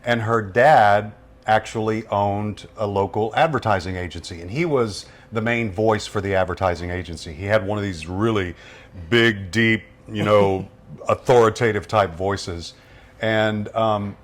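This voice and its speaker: A man's voice: fairly low pitch, unhurried. A man, a radio voice-over veteran casually telling stories about his career as a guest. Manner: relaxed storyteller acting out quoted voices. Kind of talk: casual storytelling interview.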